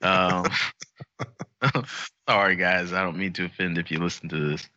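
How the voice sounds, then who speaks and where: A man's voice: low-pitched, fairly even intonation, measured pace, sharp tone, dry recording. A man co-hosting a casual podcast, joking and bantering. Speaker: podcast co-host. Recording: dull lo-fi audio.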